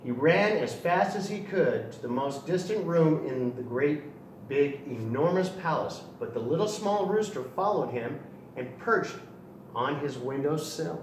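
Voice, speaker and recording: A man reads a children's story with lots of expression, his high voice swooping up and down. The recording is roomy and distant. A faint background hum sits under his voice. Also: expressive, measured pace. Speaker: storybook reader for a kids' outreach channel. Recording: roomy echo, distant mic, faint noise.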